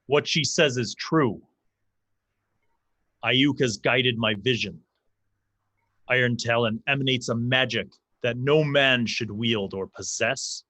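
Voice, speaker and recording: A man voicing a stern old male shaman of a giant tribe, speaking in slow, grave proclamations. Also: mid-range voice, pushed and bright.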